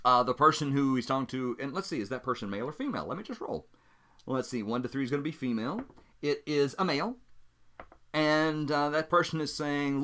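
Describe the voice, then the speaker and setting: A man's voice: medium pitch, lively intonation, brisk, bright, forceful tone. A man narrating a solo tabletop game as game master, thinking aloud and explaining his dice rolls.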